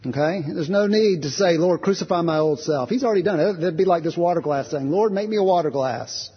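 A man's voice: fairly high pitch, a little fast. A man preaching a sermon in a church in an earnest, repetitive cadence, acting out short prayers. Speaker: pastor. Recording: husky voice, long hall reverb, dull lo-fi sound.

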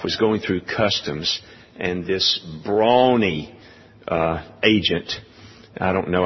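Slow, husky-voiced preacher man. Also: deep voice, long reverb tail, lo-fi sound. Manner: slow, measured preaching with frequent "uh" pauses. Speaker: pastor. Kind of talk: sermon.

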